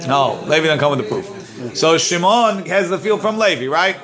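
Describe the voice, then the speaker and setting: A male rabbi teaching Talmud in a fairly high, bright voice. He moves between the text and English explanation and often repeats a word while he searches for the next. He acts out the quarrelling claimants with sudden raised lines. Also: expressive, moderate pace. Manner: switches between Hebrew-Aramaic text and English. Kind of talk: Talmud class, reading and translating.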